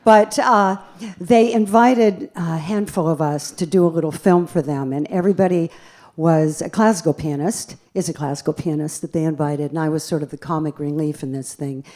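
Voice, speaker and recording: A woman pianist and bandleader telling lively, self-deprecating stories from a theater stage into a stage microphone between songs. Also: low-pitched, moderate pace. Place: theater stage at a live concert.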